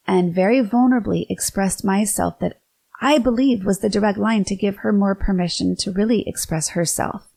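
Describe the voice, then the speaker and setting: A woman's voice: mid-range voice, gravelly, warm tone, slightly rough. A woman in her forties hosting a podcast, telling a personal story in an earnest, candid way with some restarts. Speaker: podcast host.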